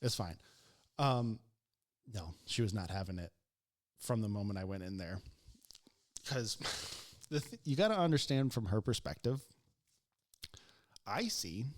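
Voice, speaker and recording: Animated storytelling man, lively pitch. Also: unhurried, long pauses. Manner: animated storyteller who acts out quoted voices, laughing often. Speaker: podcast co-host. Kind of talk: casual storytelling chat.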